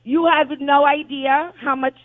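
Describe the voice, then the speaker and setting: Woman caller, speech impediment, high pitch, gushing, rambling, dry. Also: steady tone, unhurried, dry recording, narrow, tinny audio. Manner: gushing, rambling, restarts often. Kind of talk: excited call-in chat.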